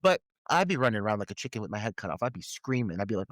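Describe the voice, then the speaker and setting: A man's voice: medium pitch, sing-song, quick pace, hardly any pauses, no room sound, clean studio sound. A man co-hosting a casual film-review podcast, ranting with profanity and rhetorical questions about what annoys him. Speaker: podcast co-host.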